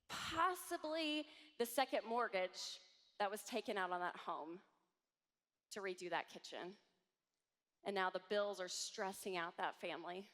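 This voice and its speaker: A woman in her thirties giving an animated conference talk to a live audience, acting out voices as she tells stories. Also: mid-range voice, measured pace, pauses often. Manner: animated, acts out quoted voices. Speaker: conference speaker. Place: large hall with audience. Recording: long hall reverb.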